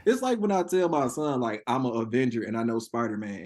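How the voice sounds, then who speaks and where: A young man telling a story in a casual interview, profane and animated, laughing often and acting out quotes. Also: medium pitch, fairly quick. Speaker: interview guest.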